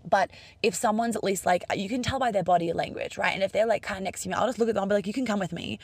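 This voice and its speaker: A woman's voice: mid-range voice, rapid-fire, husky, no room sound. A young Australian woman with an Australian accent, talking casually to camera in a chatty, upbeat, profane way and acting out bits of dialogue.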